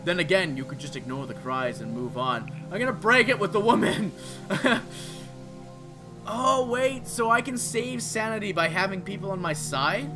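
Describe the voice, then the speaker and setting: A man playing a horror game who reads its text aloud and comments between passages, swearing freely and breaking into loud, annoyed rants. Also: high voice, normal speed, music in the background. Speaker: gameplay streamer.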